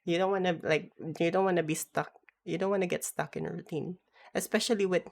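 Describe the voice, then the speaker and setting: A woman's voice: on the low side, steady tone, brisk. A woman streamer chatting casually and ramblingly as she reacts to a video, swearing freely. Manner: rambling, swears freely, loud bursts when riled up.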